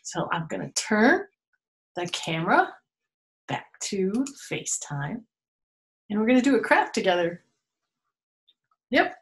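A woman reads a picture book aloud to young children, playful and laughing often. She speaks slowly with a bouncy, lively pitch in a fairly high voice. The room around her is echoey. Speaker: children's museum storytime reader.

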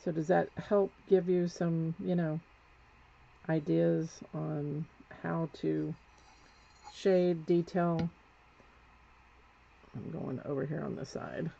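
A painting instructor speaks slowly in a low, gravelly, mellow voice with a steady tone, pausing often. She chats through her live demonstration as she works, correcting herself as she goes. The recording is dull and lo-fi, with faint background noise.

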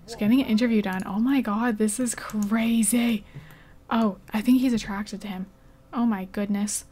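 Hosting a gaming channel, a young woman delivers relaxed let's play commentary in a mid-range voice at a moderate pace. She's excitable, exclaims often, and chats with her game characters.

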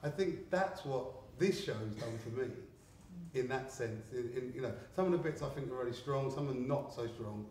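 In an indoor art gallery, a man from England tells stories in loose, rambling talk, swearing and laughing along the way. He has a medium pitch, a moderate pace and a somewhat mellow sound. The mic is far off in a very reverberant room, with faint noise behind him.

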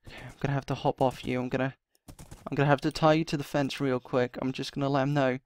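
A man's voice: mid-range voice, flat delivery, fast talker, clear, resonant tone, dry recording. A man voicing his character in a game role-play, muttering to himself with sighs and then pleading urgently. He is out of breath. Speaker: roleplay series host playing his character.

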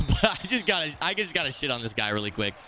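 Brash male streamer, slightly high, bright voice; excitable live game commentary with trash talk. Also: fast, slight background noise.

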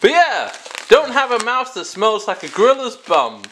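A man hosting a comic product-review vlog, rambling with jokey asides and quick self-corrections. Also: extremely high pitch, very animated, a bit bright, slight background noise.

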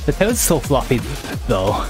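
A man chatting casually on a livestream, halting and repeating words as he teases his chat playfully. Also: medium pitch, wildly swooping pitch, music in the background. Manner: playful teasing.

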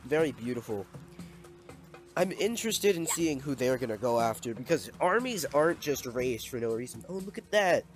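A man's voice: mid-range voice, big pitch swings, normal speed, soft background music. A young man giving casual, playful gameplay commentary, exclaiming at and scolding the little villagers in his game.

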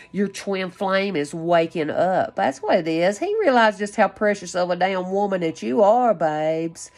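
A woman giving an excitable, rambling channeled spiritual reading, full of gasps, exclamations and casual swearing. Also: sits low. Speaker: spiritual card reader. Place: her home, lives in West Virginia.

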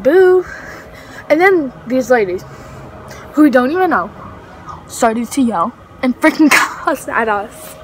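A teenage girl tells a story in a casual vlog, rambling with lots of fillers and self-corrections. Her voice is high-pitched, and the low-quality recording carries a little hiss or hum.

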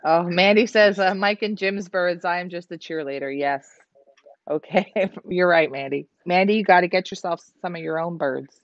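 A woman's voice: on the low side, moderate pace, dry recording, dull audio. A woman from Canada hosting a livestream, chatting and reading out viewer comments. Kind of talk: casual livestream chat.

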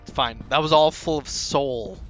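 A young man giving live commentary on his own speedrun, boastful and joking, with sudden loud outbursts. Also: mid-range voice, moderate pace, soft background music.

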